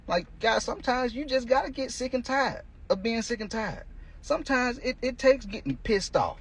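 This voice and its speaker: Man, motivational podcast host, husky voice, blunt, cussing, preachy. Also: extremely high pitch, lively intonation, normal speed. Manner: blunt, profane, preachy street talk.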